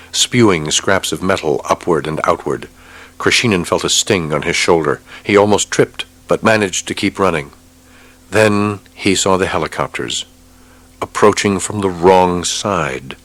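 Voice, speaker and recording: A man with a deep voice narrates an audiobook, reading the script in a steady, measured way.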